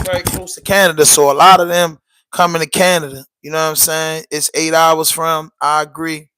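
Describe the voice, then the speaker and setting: Male podcast host, loose and emphatic, with a sharp, somewhat high voice. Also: poor audio. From Baltimore. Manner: loose, emphatic, peppered with "you know what I'm saying". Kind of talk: casual livestream chat.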